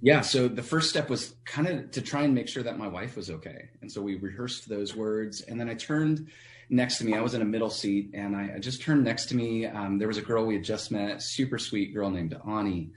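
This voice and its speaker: A man, a pastor, telling a personal story as a radio guest in an earnest, halting way with frequent restarts. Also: fairly low pitch, a little hiss or hum.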